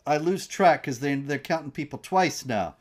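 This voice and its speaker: A man hosting a casual political chat in a conversational, sardonic way, with halting restarts. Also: fairly high pitch, animated. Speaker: host.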